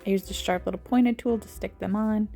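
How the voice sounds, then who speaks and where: A woman's voice: medium pitch, fairly even intonation, fairly quick, gravelly, dark tone, faint music behind. A woman narrating her craft project in a casual voice-over, chatty and self-mocking, with little laughs. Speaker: craft vlogger.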